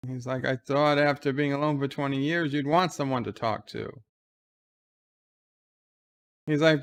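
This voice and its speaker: A man's voice: on the high side, normal speed, fairly bright tone. A man giving casual live commentary on an episode, retelling scenes by quoting lines.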